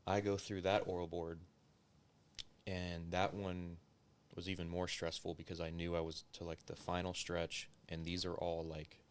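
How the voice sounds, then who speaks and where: A former police officer tells his story as an interview guest, his low, smooth voice holding a level tone at a normal speed. His talk is loose and casual, full of swearing and heavy with filler words.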